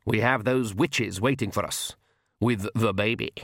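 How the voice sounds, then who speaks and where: A man voicing an aristocratic male vampire count who speaks slowly with heavy, condescending patience. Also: lowish voice, a bit bright, dry recording, studio quality.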